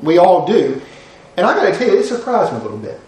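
A man's voice: high-pitched, sing-song, fast talker, darkish tone. A man preaching a sermon, folksy and emphatic, with lots of rhetorical questions. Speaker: pastor. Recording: roomy church hall sound.

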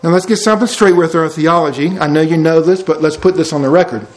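A fairly high-voiced man preaches a lively sermon. He swings between loud declarations and hushed, drawn-out words, with folksy asides to his congregation. The voice rings out in a roomy, echoey church. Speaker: pastor.

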